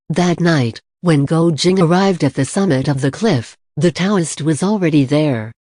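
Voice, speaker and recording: Audiobook narrator, mid pitch, even storytelling, dry close sound. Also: unhurried, few pauses, no room sound. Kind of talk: audiobook reading of a martial arts novel.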